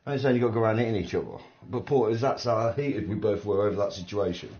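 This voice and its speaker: Rambling slangy man, deep and roomy. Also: fast talker, distant mic. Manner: rambling, slangy, swears freely. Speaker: racing game streamer. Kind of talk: casual chat while gaming. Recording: roomy, dull home mic.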